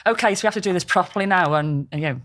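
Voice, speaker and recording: A woman's voice: lowish voice, rapid-fire, fairly bright tone, slight background noise. A woman from Liverpool with a Scouse accent, co-hosting a podcast in casual, chatty talk full of local slang and frequent laughter. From Liverpool, England. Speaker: podcast co-host. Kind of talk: casual chat.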